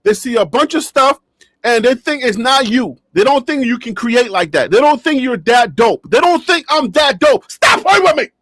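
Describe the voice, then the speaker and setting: A man's voice: very high-pitched, animated, moderate pace, fairly bright tone, no room sound, studio quality. A man vlogging for his sports channel, talking casually and animatedly to his viewers, joking, laughing often and repeating himself as he vents. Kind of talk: casual talk to camera. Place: his own studio.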